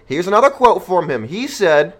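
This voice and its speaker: A man's voice: high voice, big pitch swings, moderate pace. Emphatic man hosting a talk show. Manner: emphatic, rhetorical, addresses listeners directly. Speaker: podcast host. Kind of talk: opinionated podcast monologue.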